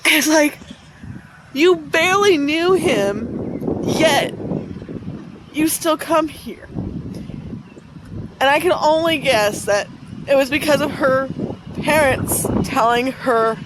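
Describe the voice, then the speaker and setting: A woman vlogging outdoors in a town cemetery, talking in a halting, musing way, repeating phrases and getting emotional. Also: sits high. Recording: outdoor street noise. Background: passing traffic.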